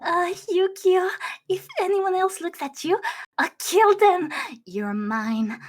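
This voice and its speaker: A woman's voice: extremely high pitch, little pitch movement, measured pace. A woman voicing an obsessive, possessive yandere young woman in voice acting practice takes, built from subtle to creepy. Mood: menacing.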